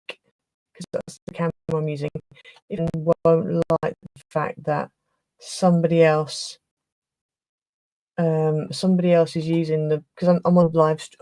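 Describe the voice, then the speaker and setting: A woman hosting a craft livestream in casual chat, flustered and restarting her sentences, with a slightly rough throat. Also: deep voice, dark tone, no room sound, rough recording. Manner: chatty, flustered, trailing off and restarting.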